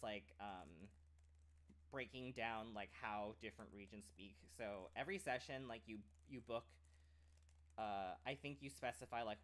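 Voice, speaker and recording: A man's voice: medium pitch, a bit bright, clear, resonant tone. A man who streams and trains as a voice actor, chatting casually and rambling, with many "like" fillers and restarts. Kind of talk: casual chat.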